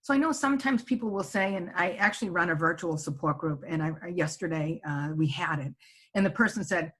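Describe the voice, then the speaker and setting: Brisk and a bit bright, with a breathy edge and a voice on the low side, a middle-aged woman presents a webinar on senior living from her home office. She talks conversationally, frequently ending points with "right?" to check in.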